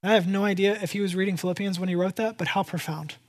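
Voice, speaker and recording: Speaking fast in a mid-range voice, a pastor delivers an animated, emphatic sermon to his church congregation. He repeats key phrases and shifts between loud and hushed.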